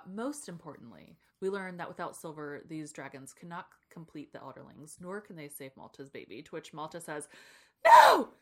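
A woman's voice: deep voice, fairly bright tone. A woman co-hosting a podcast, casually recapping a book chapter with lots of laughter and acted-out character voices. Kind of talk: casual chat.

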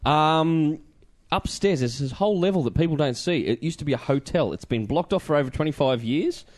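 An Australian man co-hosting a casual show, telling a story with lively, swearing banter. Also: on the high side, a little fast. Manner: animated, swearing, laughing storyteller. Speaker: radio co-host.

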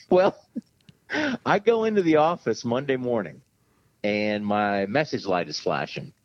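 A man from the Charlotte area tells a story with a grin in his voice, laughing at himself as he goes. His pitch rises and falls freely. The recording is dull and lo-fi, with no room echo. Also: unhurried. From Charlotte area, USA. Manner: animated, laughing through a story, self-mocking. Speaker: guest. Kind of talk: anecdotal storytelling. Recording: dull, dry lo-fi sound.

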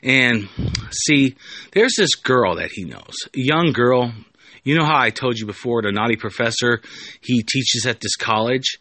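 A man's voice: mid-range voice, lively intonation, unhurried, pushed and bright, no echo. A man hosting a podcast, telling a story in a casual, rambling way with jokey asides. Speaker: podcast host.

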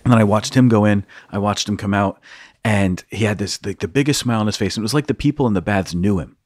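Low-voiced priest telling a lively story. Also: male voice, quick pace, no room sound. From United States, East Coast. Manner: animated storyteller, acts out quotes, laughs often. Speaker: priest and podcast host. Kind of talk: storytelling in casual conversation.

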